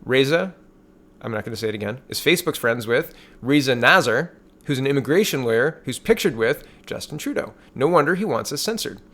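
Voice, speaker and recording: A man's voice: mid-range voice, expressive, brisk, a bit bright. A man from Canada giving casual political commentary, reading articles off his screen and adding scornful, sarcastic asides.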